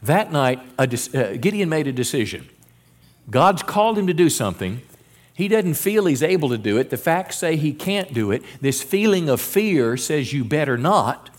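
A man's voice: a little high, sing-song, moderate pace. A middle-aged male pastor preaching a sermon in an earnest style, quoting scripture and often restarting his words.

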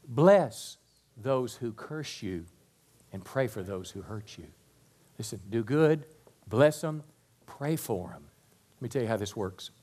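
A pastor preaching a sermon to a congregation, lively and humorous, then softening into quiet prayer. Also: male voice, medium pitch. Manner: animated preaching, dropping to soft prayer.

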